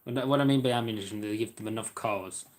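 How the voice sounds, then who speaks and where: Speaking in a lowish voice, this Irish-accented man talks loosely with people watching his live stream. He rambles and stumbles, leaning on fillers and saying sorry again and again.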